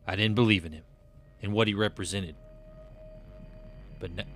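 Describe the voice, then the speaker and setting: A man's voice: fairly low pitch, normal speed, fairly bright tone, faint music behind, natural voice. A man voicing a troubled, weary male police detective who broods over his doubts. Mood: brooding.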